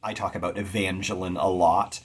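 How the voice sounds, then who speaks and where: A man teaching poetic meter in a measured explanatory lecture, chanting rhythms to demonstrate them. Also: sits low, flat delivery. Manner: measured, with occasional fillers. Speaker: poetry teacher.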